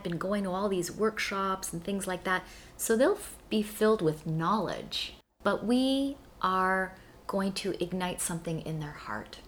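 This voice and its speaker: A woman co-hosting, speaking earnestly and quickly in an uplifting tone. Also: fairly low pitch, fairly bright tone, a little hiss or hum. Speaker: co-host, meditation teacher. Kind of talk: casual conversation.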